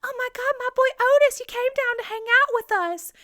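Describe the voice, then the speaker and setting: A woman doing a shrill doting mother of a killer clan. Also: moderate pace, pushed and bright. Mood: gushing. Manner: shrill, gushing, over-the-top.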